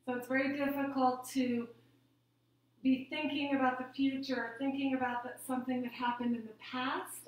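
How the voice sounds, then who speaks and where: A woman teaching a gentle yoga class, guiding the breath in a calm, soothing way. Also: sits high. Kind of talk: guided yoga instruction. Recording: very echoey room.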